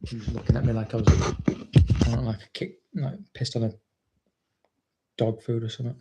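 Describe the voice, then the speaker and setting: A man's voice: mid-range voice, level tone, moderate pace, noisy background. A man, a dog trainer, chatting casually on a livestream and reading out viewer comments, blunt and swearing constantly as he rambles.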